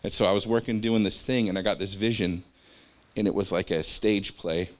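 Low-voiced man preaching, rambling. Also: steady tone, fairly quick. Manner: rambling, jumps between stories; conversational, with fillers. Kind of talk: informal teaching with personal stories.

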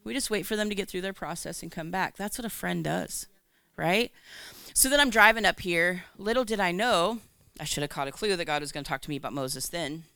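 Gravelly, bright-voiced woman telling her testimony. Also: lowish voice, brisk, dry recording. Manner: candid, animated storytelling with acted-out dialogue. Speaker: Christian speaker. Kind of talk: personal testimony talk.

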